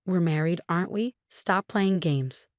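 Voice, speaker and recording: A woman's voice: fairly low pitch, a little slow, no room sound, studio quality, natural voice. A woman voicing an angry, condescending husband with a ranting, scornful delivery.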